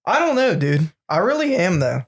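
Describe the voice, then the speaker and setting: A young man co-hosting a relaxed podcast, his voice a touch high. He wanders through stories with plenty of ums and likes, casual and loose, swearing freely. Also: moderate pace, slightly rough. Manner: rambling, many fillers and laughs. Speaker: podcast co-host. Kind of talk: casual storytelling chat.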